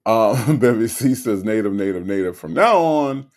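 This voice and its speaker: A man running a laid-back livestream says hello to viewers by name and reads their comments out, alternating between quiet mumbling and bursts of sudden volume. His voice is fairly low and he talks at a normal speed.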